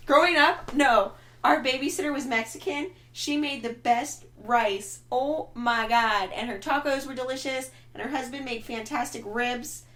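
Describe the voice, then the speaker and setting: A young woman co-hosting a podcast, chatty and enthusiastic, quick to exclaim. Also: sits high, fairly bright tone. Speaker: podcast co-host. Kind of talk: casual chat.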